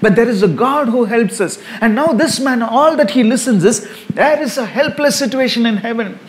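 A man preaching a sermon as pastor, animated, with rising emphasis and laughter. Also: extremely high pitch, moderate pace.

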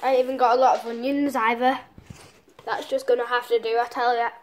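A woman's voice: on the high side, little pitch movement, quick pace. A woman with a cold, teary from chopping onions and exclaiming dramatically in a casual cooking vlog at home. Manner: dramatic, exclaiming, self-mocking. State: has a cold. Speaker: vlogger.

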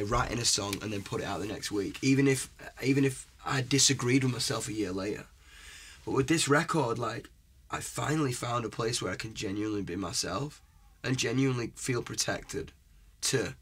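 A man's voice: on the low side, fairly bright tone, husky. A young man, a musician guest in a casual interview, talking earnestly in long rambling runs and often asking whether he is understood. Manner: earnest and rambling, often asks "you know what I mean?".

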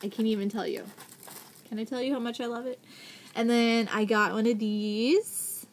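A young adult woman vlogging at home, gushing excitedly as she shows off a package of gifts and repeats herself a lot. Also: on the high side, normal speed. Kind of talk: casual haul video.

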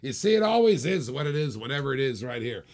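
A man hosting a live-streamed toy car auction, calling bids in quick repeated bursts with chatty asides to viewers. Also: medium pitch, big pitch swings, a little mellow. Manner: rapid repetitive bid calling, chatty asides. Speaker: auctioneer host.

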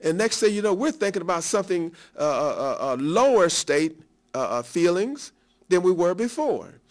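A man's voice: high voice, big pitch swings, moderate pace. A man preaching a sermon, often breaking in with "Glory to God" and acting out small everyday scenes to make his point. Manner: repeats "Glory to God" between points, acts out little scenes.

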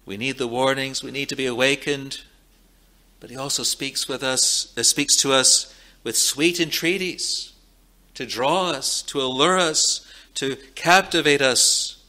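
A male pastor preaching a sermon in a slow, measured way, with solemn emphasis and repeated phrases. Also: medium pitch, pushed and bright. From Scotland.

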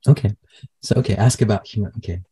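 A man channeler in a live session, speaking haltingly with many fillers and restarts. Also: on the low side, dark tone, breathy edge, no room sound.

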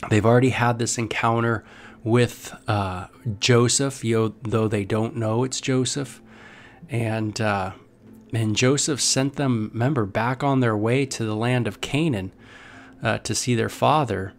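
A man talking through a Bible passage in a relaxed, conversational way. He reads the verses aloud, then stops to comment with plenty of fillers. His voice sits at an ordinary middle pitch. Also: unhurried, a little hiss or hum. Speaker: Bible teacher. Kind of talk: casual Bible study devotional.

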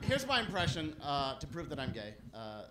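Brief: male stand-up comic, high and animated, deadpan setups. Echoey club stage with noise behind. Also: normal speed. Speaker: stand-up comedian. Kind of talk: stand-up comedy set. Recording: roomy club recording with background noise.

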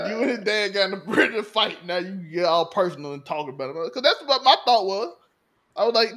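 A man's voice: high voice, lively intonation, fast, sharp tone. A man in his thirties hosting a podcast, chatting casually and animatedly, laughing often and acting out quotes. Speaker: podcast host. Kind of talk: casual chat.

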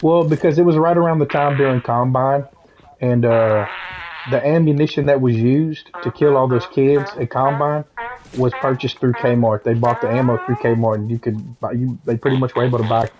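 A man's voice: medium pitch, fairly even intonation, normal speed, muffled recording, crowd noise. A man chatting casually with friends while playing a shooter game, joking and swearing. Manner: crude, joking banter with friends. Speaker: gamer. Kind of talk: casual chat while gaming.

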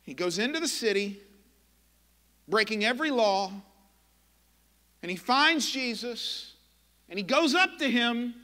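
Male pastor, high and bright voice, slow deliberate impassioned sermon delivery. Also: lively intonation, long reverb tail. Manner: impassioned, emphatic preaching with dramatic pauses. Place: church sanctuary.

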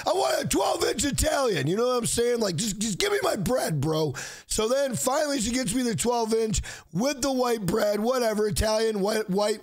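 Man, very high voice, animated exasperated storytelling vlog. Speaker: channel host.

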